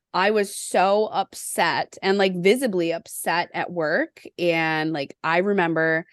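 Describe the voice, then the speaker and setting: A woman's voice: fairly low pitch, clean tone, dry recording, studio quality. Chatty woman podcast host. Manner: animated storytelling, acts out quoted voices. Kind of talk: casual interview chat.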